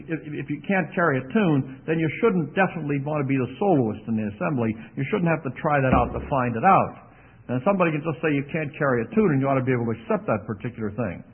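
A man's voice: a little high, slightly rough. A man preaching a sermon in a folksy, emphatic way, with wry asides. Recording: tinny narrow-band radio broadcast.

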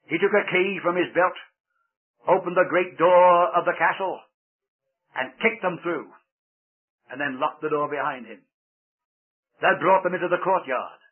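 A male storyteller narrates in a lively, dramatic way and drops in playful asides. His voice is husky and pitched a little high. It comes through a thin, tinny radio sound. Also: measured pace, pauses often. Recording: tinny old radio broadcast.

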